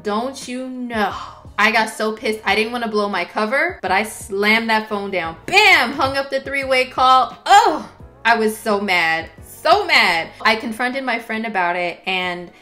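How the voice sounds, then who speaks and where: Bright-voiced woman telling animated stories. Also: fairly high pitch, measured pace, soft background music. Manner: animated, slangy, acts out dialogue. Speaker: astrology vlogger. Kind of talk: casual storytelling chat.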